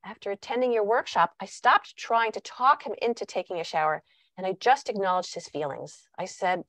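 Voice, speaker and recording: A woman's voice: mid-range voice, normal speed, no room sound. A middle-aged woman giving a talk to parents, acting out what children and parents say. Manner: animated, acts out children's and parents' lines. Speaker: parenting author and speaker. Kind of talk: talk to parents with acted-out examples.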